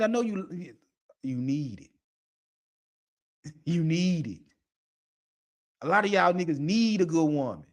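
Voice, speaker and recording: A man's voice: high-pitched, a little mellow. A man hosting an unscripted monologue, blunt and profane, laughing often as he talks. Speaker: podcast host.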